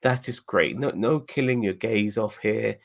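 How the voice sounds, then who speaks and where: Gravelly and on the low side, the co-host's voice carries an emotional live review, full of halting starts and repeated restarts.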